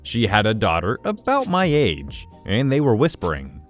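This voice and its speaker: Animated male storyteller. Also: fairly low pitch, normal speed, soft background music. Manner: lively, expressive storytelling. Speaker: story narrator. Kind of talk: reading Reddit stories aloud.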